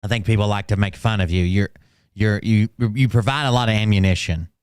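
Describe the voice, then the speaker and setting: A man's voice: on the low side, fairly quick, clean tone, dry recording, studio quality. A man hosting reaction commentary, talking in a sarcastic, mocking way. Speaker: commentary host.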